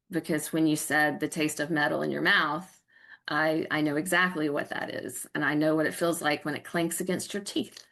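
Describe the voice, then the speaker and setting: Earnest middle-aged woman, low voice. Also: fairly bright tone. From North Carolina, USA. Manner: earnest and reflective, halting restarts. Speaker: guest. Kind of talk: candid personal storytelling.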